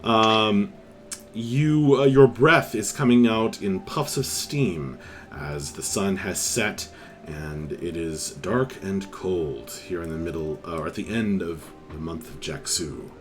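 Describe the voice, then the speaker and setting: A man narrating as game master of a tabletop game, unhurried, with many pauses and restarts. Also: low voice, soft background music. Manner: unhurried, lots of fillers and restarts.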